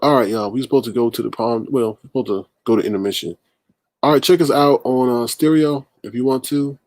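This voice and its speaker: Animated man hosting a livestream. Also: medium pitch, fairly quick, no room sound. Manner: animated, emphatic, talks back to chat comments. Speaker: livestream host. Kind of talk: casual livestream commentary.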